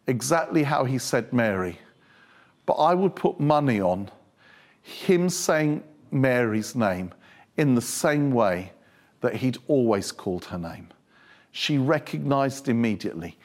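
A male preacher giving a humorous, animated sermon full of storytelling. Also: medium pitch.

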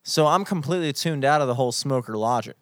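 A young man telling a story in casual chat, animated and profane, putting on mock outrage. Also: medium pitch, fast, no echo, clean studio sound.

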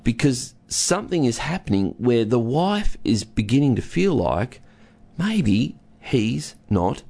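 Slow, creaky and mellow, this man's medium-pitched voice has a sing-song lilt. As a couples counsellor chatting informally with a co-host, he teaches about listening by telling an everyday story and playing both the husband and the wife.

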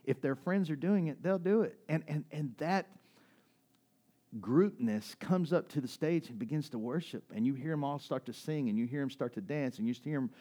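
A male pastor preaching a sermon, telling a personal story that swings between excited high bursts and soft emotional moments. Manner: storytelling with quick rises in pitch and drops to soft emotional asides. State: near tears at times.

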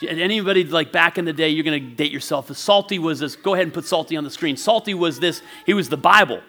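A man in his forties preaching a sermon as pastor, telling a childhood story in a lively way and laughing often. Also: fairly high pitch, fast talker. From northwestern Pennsylvania.

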